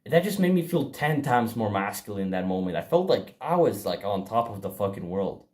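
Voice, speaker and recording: A man's voice: lowish voice, big pitch swings, fairly quick, darkish tone. Profane, emphatic young man vlogging. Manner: blunt and profane, emphatic with frequent restarts. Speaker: self-improvement vlogger. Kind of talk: casual motivational monologue.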